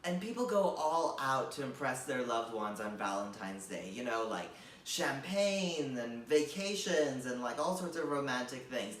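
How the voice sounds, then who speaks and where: A young man doing stand-up, rambling and padding every thought with fillers. His voice sits at an ordinary pitch and reaches the mic from a distance. The room around him is echoey. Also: sing-song, a little slow, a bit bright, a little hiss or hum. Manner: rambling, filler-heavy delivery with many likes and you knows. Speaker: stand-up comedian. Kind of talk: stand-up comedy set.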